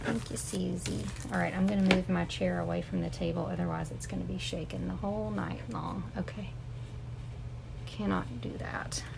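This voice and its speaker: Chatty woman with a gravelly voice. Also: lowish voice, fairly even intonation, moderate pace, noisy background. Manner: chatty, rambling, with fillers and asides to viewers. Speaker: crafting instructor. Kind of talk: casual live crafting tutorial.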